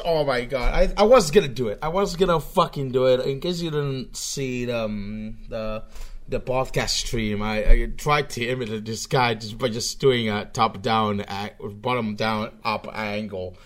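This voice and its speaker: A man streaming and reacting to clips, swearing and mocking, swinging from mutters to loud outbursts. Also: mid-range voice, normal speed. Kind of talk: casual profane commentary. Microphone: webcam setup microphone.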